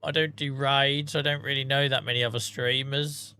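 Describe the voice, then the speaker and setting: A man's voice: mid-range voice, little pitch movement, normal speed, sharp tone, smooth. A tired man chatting casually to viewers on a live stream, rambling, swearing freely and laughing at himself. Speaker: game streamer.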